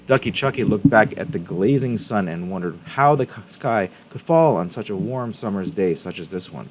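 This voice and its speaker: A man's voice: on the low side, lively intonation, normal speed, a little hiss or hum. A man hosting a crypto mining video, casually chatting and reading a children's story aloud with ums and self-corrections.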